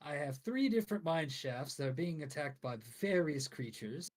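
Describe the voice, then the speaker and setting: A man voicing a blunt middle-aged mine owner who speaks gruffly in a tabletop game. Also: on the high side, expressive, moderate pace, pitched above the performer's own voice. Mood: businesslike.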